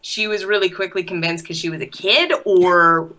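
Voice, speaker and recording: A woman co-hosting a podcast recap in a slightly low voice. Her tone is bright and forward. She is wry, reads from her notes and drops quick quips as she talks. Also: fairly even intonation. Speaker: podcast co-host. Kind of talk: casual recap chat.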